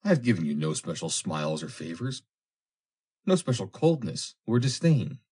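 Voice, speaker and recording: A man's voice: sits low, very animated, normal speed, a little mellow, slightly rough, full character voice. A man voicing a proud young woman who coolly rebuffs an insistent suitor, in a prim, reproving manner.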